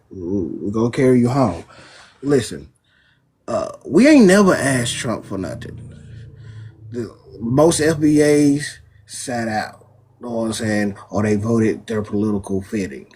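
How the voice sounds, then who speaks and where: A man's voice: lowish voice, a little mellow, a little hiss or hum. A man from the US moderating and arguing on a live debate panel, casual and dismissive.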